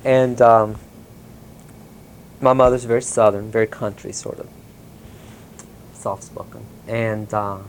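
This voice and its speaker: A man from the US South, telling a personal story in a casual interview, rambling with many ums and soft chuckles. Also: fairly low pitch, steady tone, slow pace, long pauses, a little hiss or hum, low-quality recording. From Mississippi, US South. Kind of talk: casual oral-history storytelling.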